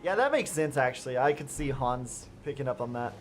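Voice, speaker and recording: A man giving chatty live gameplay commentary as a streamer, talking straight to his viewers and breaking into excited outbursts. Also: mid-range voice, a little fast, a little hiss or hum. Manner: chatty, addresses viewers directly. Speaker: gaming streamer.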